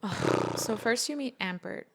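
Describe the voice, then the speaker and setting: A woman's voice: fairly high pitch, unhurried, vocal fry, in a whisper. A woman co-hosting a casual book podcast, retelling scenes animatedly and slipping in Spanish phrases. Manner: animated retelling, acting out quotes. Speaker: podcast co-host.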